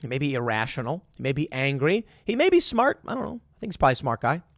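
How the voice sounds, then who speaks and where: A man's voice: medium pitch, fast, dry recording, clean studio sound. A man hosting a political commentary show, talking in a sarcastic monologue and mocking the people he quotes. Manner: animated, sarcastic, acts out quotes in mocking voices.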